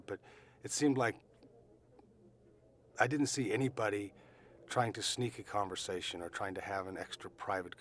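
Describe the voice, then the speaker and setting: A middle-aged man recounting what he saw in a fairly low voice, earnest and emphatic, pausing and restarting as he goes. A faint hiss sits under the recording. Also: a bit bright. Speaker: eyewitness recounting events. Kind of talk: recorded eyewitness testimony.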